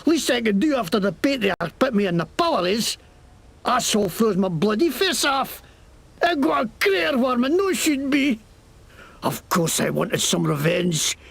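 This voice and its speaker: A raspy whining Scottish rogue. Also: male voice, very high-pitched, very animated, moderate pace, fairly bright tone, dry recording, heavily acted. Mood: resentful. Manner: whining, profane, self-pitying. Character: bitter cornered male Scottish-claiming scoundrel.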